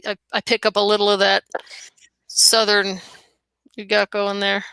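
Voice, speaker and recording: A woman's voice: medium pitch, monotone, measured pace, sharp tone, clear, resonant tone, dry recording. A woman hosting an interview, curious and asking long, loose questions. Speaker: show host.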